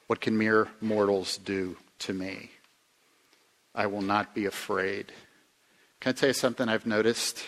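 Here a male pastor preaches in a conversational style, putting questions to the congregation. He moves from emphatic, rising moments down to hushed, low asides.

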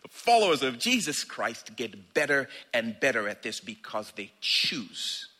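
Lively, husky-voiced male preacher. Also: medium pitch, a little slow. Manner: animated, conversational preaching with acted-out asides. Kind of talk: sermon.

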